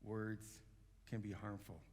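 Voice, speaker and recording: A man's voice: fairly low pitch, level tone, slow pace, darkish tone. A man preaching a sermon as pastor, talking in a loose, conversational way with frequent restarts and fillers. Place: church sanctuary. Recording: long church hall reverb.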